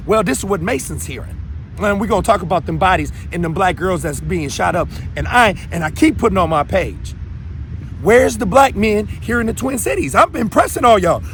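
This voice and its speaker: A man's voice: sits high, expressive, normal speed, slight background noise. A man in his thirties from Minneapolis, hosting his own show in a brash, confrontational unscripted monologue with stammering restarts. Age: 30s. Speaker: show host.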